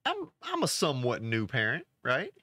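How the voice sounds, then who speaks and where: A young man co-hosting a casual podcast, relaxed and joking, with lots of filler phrases. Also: mid-range voice, normal speed, dry recording. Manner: laid-back, joking, lots of "you know". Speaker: podcast co-host. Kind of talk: casual chat.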